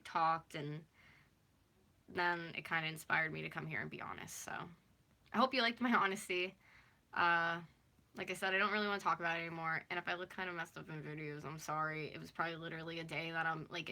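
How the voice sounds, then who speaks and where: A North American woman in her early twenties speaks openly to viewers on a live stream in a low-leaning, bright, forceful voice. Her casual, confessional chat rambles along with constant fillers.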